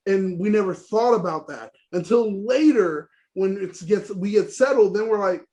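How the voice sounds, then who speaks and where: A Haitian man co-hosts a casual podcast, speaking bluntly and animatedly and swearing freely. His high, mellow voice runs at normal speed with hardly any pauses.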